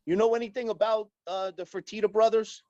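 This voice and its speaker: A man's voice: sits high, steady tone, a little fast, darkish tone, dry recording. A man chatting as a podcast guest, rambling with many fillers and restarts. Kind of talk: casual chat, storytelling. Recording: dull lo-fi dry audio.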